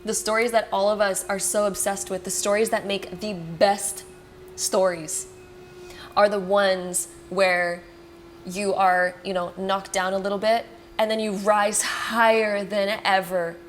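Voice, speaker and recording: Fast-talking, excited woman tarot reader. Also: mid-range voice, slight background noise. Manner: fast, excited, reassuring, with many fillers like "like". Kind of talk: casual pick-a-card tarot reading.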